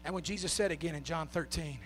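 A man preaching a sermon with a Southern US accent, swinging from shouted, half-sung peaks down to soft, low talk. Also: fast talker, slight background noise.

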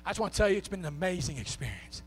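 A man preaching a sermon with a Southern US accent, swinging from shouted, half-sung peaks down to soft, low talk. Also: big pitch swings, racing, soft background music.

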